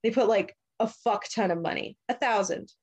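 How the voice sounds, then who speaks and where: A woman's voice: mid-range voice, a little mellow, slightly rough, muffled recording. A young woman in casual chat, retelling a story in a loose, profane way and briefly acting out the characters' lines. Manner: casual, profane, acts out characters in quick voices. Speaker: podcast host retelling a story.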